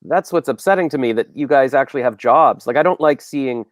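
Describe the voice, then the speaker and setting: A man's voice: mid-range voice, brisk, dry recording. A Canadian man in his forties, a comedian guest chatting casually on an online comedy show in a rambling, self-deprecating way.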